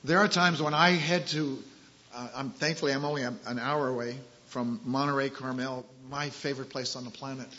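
A man preaching a sermon and reading scripture, emphatic and slowing down on key phrases. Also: medium pitch, steady tone, bright, forceful tone. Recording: dull lo-fi recording.

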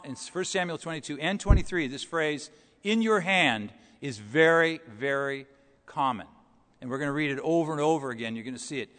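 A man's voice: on the high side, pushed and bright, in a large hall. A man preaching a sermon, explaining scripture verse by verse in a conversational way with rhetorical questions.

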